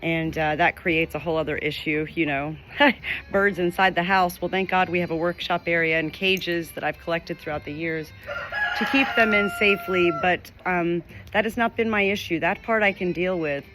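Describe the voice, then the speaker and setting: A woman's voice: lowish voice, normal speed, noisy background. Earnest woman medium rambling to camera. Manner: earnest, rambling, repeats phrases, laughs often. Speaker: spiritual medium. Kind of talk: direct-to-camera spiritual message. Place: farm home with birds.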